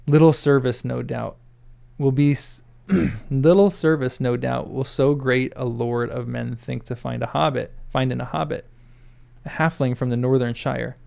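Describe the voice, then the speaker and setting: A man reading a proud young male hobbit's lines aloud in his own gravelly voice, with stumbles and restarts. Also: medium pitch, fairly even intonation, measured pace, a little mellow.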